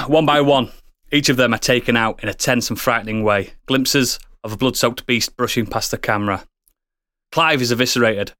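A man co-hosting a comedy podcast, swearing and laughing as he pitches a story. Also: moderate pace, fairly bright tone, no room sound, clean studio sound.

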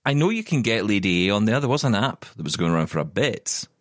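A man's voice: lowish voice, very animated, quick pace, fairly bright tone, no room sound, studio quality. A man co-hosting a podcast, chatting casually and telling rambling stories full of asides. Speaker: podcast co-host. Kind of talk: casual chat.

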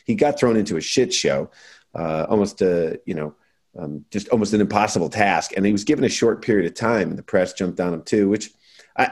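A man's voice: low-pitched, a little mellow. A man from the United States hosting a casual sports talk show, blunt and opinionated. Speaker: podcast host.

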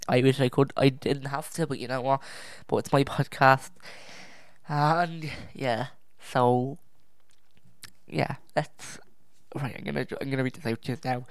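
Young true crime podcast host, casual and easily distracted, clear voice, dry home mic. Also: mid-range voice, dry recording. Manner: rambling, self-correcting, easily distracted; sighs and drops to a near whisper at times. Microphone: own podcast microphone.

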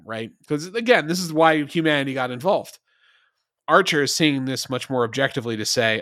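A man's voice: medium pitch, moderate pace, bright, forceful tone, dry recording, studio quality. A man co-hosting a podcast, chatting casually and with animation, swearing and slipping into mocking impressions. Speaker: podcast co-host. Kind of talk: casual review chat.

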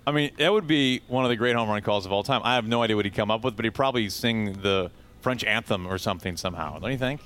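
A man's voice: on the low side, quick pace, hardly any pauses, fairly bright tone, clear, resonant tone. A man hosting a sports podcast, asking questions and joking around easily. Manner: jokey, laughs easily. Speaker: podcast host. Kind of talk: casual interview chat.

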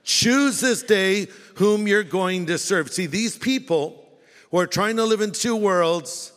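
Male pastor, sermon delivery, high voice, animated and wry, long church-hall reverb. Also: slow. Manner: animated, mocking, acts out quoted voices.

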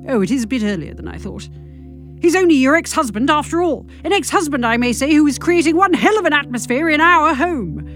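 A devoted but indignant husband, as a woman narrator puts him on, flustered and huffy. He speaks in a voice pitched a little high, by turns pleading and put out. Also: animated, brisk, sharp tone, soft background music, exaggerated voice. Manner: huffy, pleading, a bit shaky.

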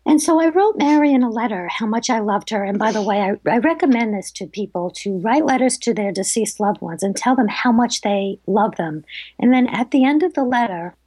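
A middle-aged woman with a somewhat high voice tells stories in a relaxed interview. She is animated and acts out the people she quotes. The sound is close and dry, with no room around it. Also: normal speed, slightly rough, no echo. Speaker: psychic medium guest. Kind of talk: casual interview storytelling.

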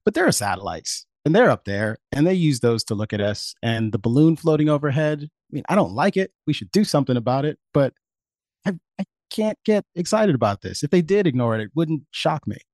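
A man who is a guest podcast co-host, speaking in a halting, shrugging way in a casual chat. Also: on the high side, sing-song, darkish tone, no echo, clean studio sound.

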